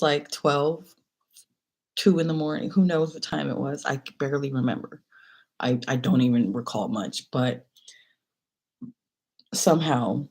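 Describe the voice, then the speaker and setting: Husky-voiced woman telling a chatty story. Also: sits low. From China. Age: late 20s. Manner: chatty, animated retelling with quoted voices and whispers. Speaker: vlogger. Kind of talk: casual storytime vlog.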